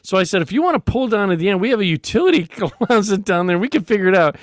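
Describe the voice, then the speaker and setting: A man with a high, lively voice tells a rambling story, breaking into laughter and restarting his sentences as he goes. The sound is dry and close, with no room around it. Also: quick pace, no room sound. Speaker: podcast host. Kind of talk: casual storytelling chat.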